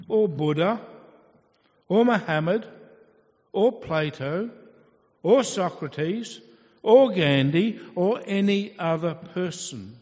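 A man preaching who voices God the Father as stern and frustrated, speaking slowly and forcefully. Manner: forceful, emphatic, slow and booming. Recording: echoey hall, dull lo-fi sound.

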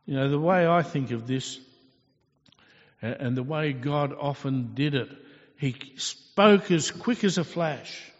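Man preaching a sermon, slow and earnest, higher-ish voice, echoey dull hall recording. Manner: earnest, storytelling, with rhetorical questions.

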